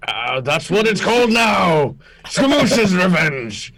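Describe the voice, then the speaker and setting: A man's voice: high-pitched, very animated, slow, a bit bright, exaggerated voice. A man with an Australian accent playing a grudge-holding orc pirate captain, speaking in dramatic proclamations. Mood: vengeful.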